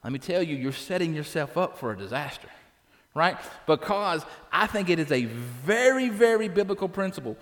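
A man's voice: a little high, very animated, normal speed, fairly bright tone, in a large hall. A man preaching a sermon as pastor, conversational and direct, often tagging his points with "right?". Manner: conversational, tags lines with "right?". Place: church.

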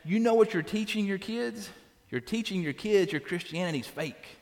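A man's voice: high-pitched, expressive, normal speed, a little mellow, big-room sound. A man preaching a sermon as pastor, conversational and direct, often tagging his points with "right?". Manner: conversational, tags lines with "right?". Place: church.

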